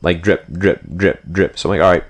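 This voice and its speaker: A man's voice: low-pitched, fairly quick. A young man telling a road trip story in casual, rambling podcast chat, full of "like" and "dude". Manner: rambling, animated, fillers like "like" and "dude".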